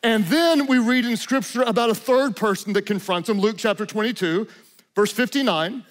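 High-voiced, dramatic preacher man. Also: moderate pace. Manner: dramatic, swings from hushed to shouting. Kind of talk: sermon.

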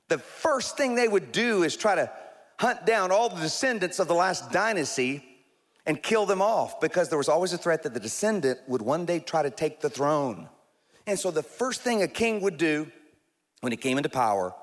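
A pastor preaching a sermon in a church, animated, with emphatic rises and slow stressed phrases. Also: male voice, a little high, big-room sound.

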